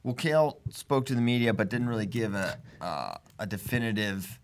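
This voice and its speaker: A man hosting a casual talk show, chatting in an animated way and laughing often. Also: fairly low pitch, moderate pace, slight background noise. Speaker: podcast host. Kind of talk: casual chat.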